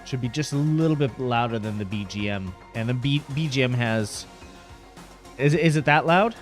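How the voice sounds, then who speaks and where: A man's voice: mid-range voice, normal speed, faint music behind. A man streaming a game, recapping and chatting casually into a headset mic, rambling and laughing often. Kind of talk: casual gameplay commentary.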